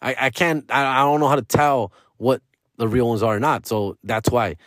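Animated man ranting casually. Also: moderate pace, no room sound, clean studio sound. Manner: profane slangy talk, switching into Spanish phrases; animated, pitch jumping up and down. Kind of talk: casual rant.

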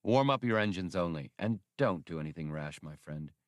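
A man doing a quietly menacing gunman. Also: sits low, animated, moderate pace, dry recording, clean studio sound. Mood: cool threat. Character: calm, confident male gunman.

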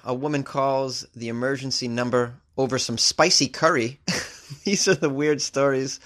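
A man's voice: medium pitch, flat delivery, moderate pace, a bit bright. A man who is a comedian, hosting a daily weird-news podcast with wry jokey asides between stories. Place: recording in Los Angeles.

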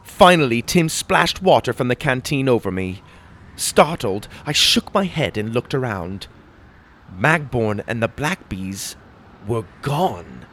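A man reading a first-person adventure story aloud with a dramatic, expressive delivery. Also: fairly low pitch, unhurried. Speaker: narrator.

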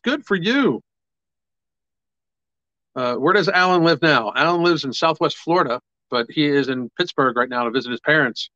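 A man's voice: medium pitch, a bit bright, dry recording, dull audio. A man hosting a casual livestream, chatting loosely with viewers, swearing freely and upbeat about his products. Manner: casual, profane, upbeat, reads viewer comments aloud. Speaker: livestream host.

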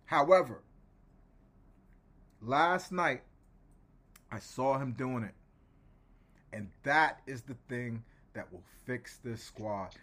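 A man co-hosting a basketball podcast, talking emphatically in a casual, animated way and pausing mid-thought. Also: medium pitch.

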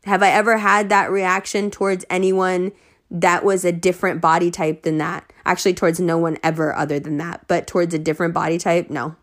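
A woman ranting to her followers, heated and sarcastic, swearing freely and at times rising almost to shouting. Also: lowish voice, little pitch movement, fairly quick. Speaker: online commentator.

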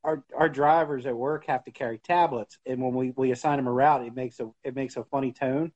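A man's voice: mid-range voice, fairly even intonation, fairly quick, darkish tone. Teasing man on a dull, lo-fi mic. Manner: easygoing, teasing banter. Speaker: podcast co-host. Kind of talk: casual wrestling chat. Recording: dull lo-fi sound.

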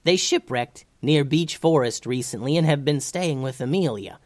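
A man voicing a brisk, no-nonsense woman in a storybook reading, pitching his voice well up and speaking matter-of-factly. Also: animated, no room sound, lightly acted.

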